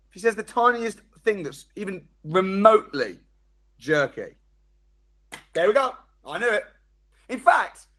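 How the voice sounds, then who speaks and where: A man speaking to a live seminar audience, addressing them directly with questions and acting out the inner voices he describes. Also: high-pitched. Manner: animated, acts out quoted inner voices. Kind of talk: live motivational seminar talk.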